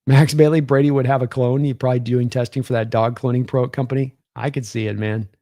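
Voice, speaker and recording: Mellow-voiced man hosting a football stream. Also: medium pitch, level tone, quick pace, no echo, studio quality. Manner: rambling, thanks viewers by name, reads chat aloud. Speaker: sports livestream host. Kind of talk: casual live-stream football talk.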